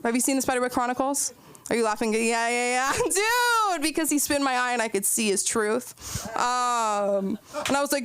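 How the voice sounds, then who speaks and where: A young woman doing a rambling stand-up set, telling stories full of "like" and quick asides. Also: a little high, clean tone, no echo. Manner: rambling, breathless storytelling with lots of "like". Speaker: stand-up comedian.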